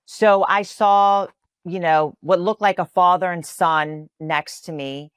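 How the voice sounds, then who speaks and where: Podcast guest, woman, Spanish first language, from New Orleans, low voice, heartfelt rambling storyteller. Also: steady tone, slow, clean tone, no echo, studio quality. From New Orleans, USA. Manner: earnest, emotional, many fillers. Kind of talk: personal faith storytelling.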